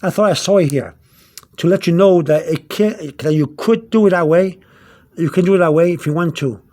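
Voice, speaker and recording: A man teaching vocabulary in an unscripted video lesson, halting, repeating himself and filling pauses, slowing down to spell out words. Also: on the high side, mellow. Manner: searches aloud through his notes. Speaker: language teacher.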